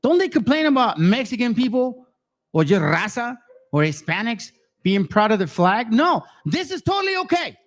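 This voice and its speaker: A man's voice: very high voice, big pitch swings, normal speed. A man giving heated, profane commentary on video clips, ranting angrily.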